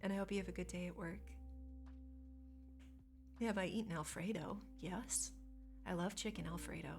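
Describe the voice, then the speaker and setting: Woman, lowish pitch, gravelly, casual streamer chat, faint background music. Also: moderate pace. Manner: chatty, reads and answers chat, squeamish asides.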